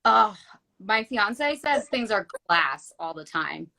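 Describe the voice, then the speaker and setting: A woman's voice: medium pitch, very animated, slow, creaky, sharp tone. A woman from the United States, a guest in a casual chat, chatty and leaning on "like" a lot. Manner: chatty, leans heavily on "like".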